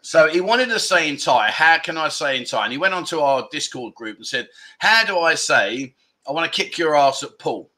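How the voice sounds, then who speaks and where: A man hosting a casual livestream, chatty and quick to laugh as he greets viewers and rambles through stories. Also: on the high side, lively intonation, bright, forceful tone. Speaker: livestream host.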